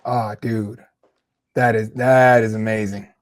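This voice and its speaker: A man's voice: lowish voice, flat delivery, takes it slowly, dry recording. A man interviewing a fighter in a casual interview, enthusiastic and affirming.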